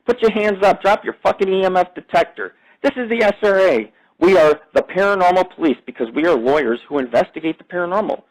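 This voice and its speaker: A man voicing a male paranormal police officer who barks orders at a raised pitch. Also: fast talker, hardly any pauses, lightly acted, rough recording. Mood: barking. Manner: commanding, shouted orders.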